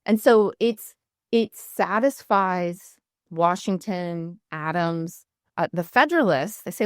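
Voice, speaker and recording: A woman, a history professor, answering interview questions in a lively, explanatory way. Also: lowish voice, slow, dry recording, clean studio sound.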